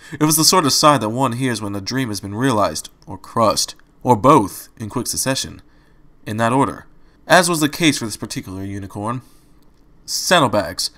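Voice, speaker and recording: A man's voice: medium pitch, a bit bright. A man reading a fan-fiction story aloud, adding wry asides between passages. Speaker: story reader.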